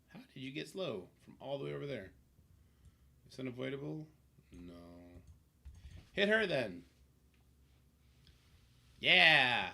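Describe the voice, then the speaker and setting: Male livestreamer, gravelly and bright, profane casual gameplay commentary. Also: medium pitch. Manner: profane, chatty, reacting to the game and chat.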